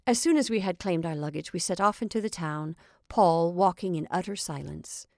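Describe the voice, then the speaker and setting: A woman's voice: fairly low pitch, vocal fry, no echo, studio quality. Woman reading a classic story aloud. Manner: measured, expressive reading. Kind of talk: scripted narration of a classic short story.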